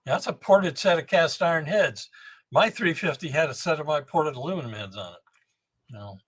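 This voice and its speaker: A man in his seventies, a guest on a podcast, telling rambling, animated anecdotes about engine building and often restarting his sentences. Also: on the high side, normal speed, husky. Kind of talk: storytelling podcast interview.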